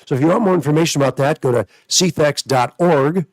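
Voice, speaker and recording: Fast-talking man hosting a call-in show. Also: fairly high pitch, no room sound, studio quality. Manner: fast-talking, spells things out slowly. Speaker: radio show host, financial planner. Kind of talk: call-in radio talk.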